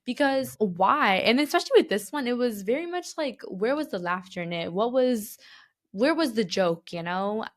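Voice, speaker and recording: A woman's voice: a little high, expressive, moderate pace. A young woman co-hosting a casual podcast, reading a story aloud and then chatting about it with a lot of "like" and some disbelief. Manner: chatty, fillers like "like", reacts with disbelief. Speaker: podcast co-host.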